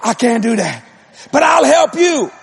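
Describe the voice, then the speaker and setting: A man putting on his balking wife, high and stubborn. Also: sing-song, measured pace, gravelly, breathy edge, a faint crowd, exaggerated voice. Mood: reluctant. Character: his reluctant wife refusing the dirty crawlspace.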